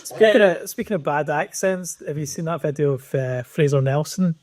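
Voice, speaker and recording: A man with a fairly high voice chats on a podcast panel. His sound is close and dry, and his tone is wry and amused. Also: moderate pace, a little mellow, no room sound. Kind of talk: casual chat.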